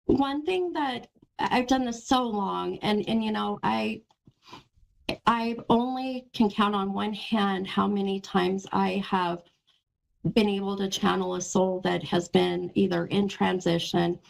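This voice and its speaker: A woman hosting a live call-in psychic reading, talking gently and reassuringly to a caller and calling her hun and sweetheart. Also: mid-range voice, fairly even intonation, a little slow, gravelly, poor audio. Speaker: psychic medium host.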